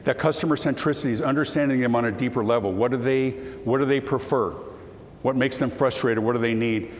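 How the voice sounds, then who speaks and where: A man giving a storytelling keynote talk to an audience, animated and at times choked with emotion as he acts out the dialogue. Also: mid-range voice, fast talker. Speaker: keynote speaker. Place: conference hall. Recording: hall reverb, faint room noise.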